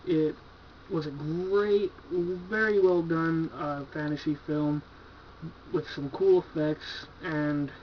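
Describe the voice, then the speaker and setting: Going slowly and with fairly even intonation, a man with a fairly high voice walks through his horror movie shelf in a casual video review of his purchases. He rambles loosely, curses cheerfully, and uses lots of filler, staying laid-back and enthusiastic. The sound is dull and lo-fi like an old home video, with a faint hiss underneath.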